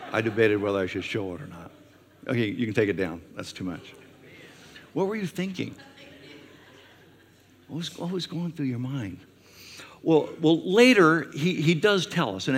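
A man's voice: mid-range voice, fairly bright tone. A male pastor preaching a conversational sermon with frequent fillers, who acts out questions in a raised voice. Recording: long hall reverb.

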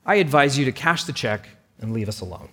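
A man's voice: mid-range voice, animated, a little fast, a bit bright, husky, in a large hall. A man voicing a curt, bureaucratic insurance agent who brushes off a claim. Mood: dismissive. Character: cold, dismissive male insurance agent.

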